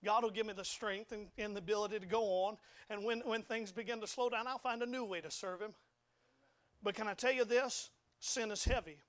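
Young man, high voice, preaching a sermon, folksy, emphatic, stammering repeats. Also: steady tone, a little fast, fairly bright tone. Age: young adult. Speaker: pastor. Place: church sanctuary.

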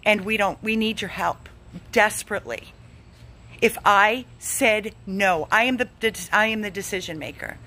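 A woman's voice: mid-range voice, normal speed, bright, forceful tone. A woman who heads an animal rescue, making an urgent, emotionally drained donation appeal and pleading over and over. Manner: pleading, repeats herself, begging.

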